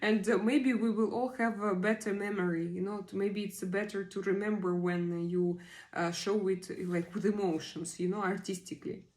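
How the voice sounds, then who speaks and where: A woman's voice: medium pitch, fairly even intonation, moderate pace, a little mellow, low-quality recording. A woman in her forties with non-native English, chatting on a live stream and hesitantly repeating vocabulary words aloud. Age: 40s. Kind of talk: casual live-stream chat, practicing vocabulary.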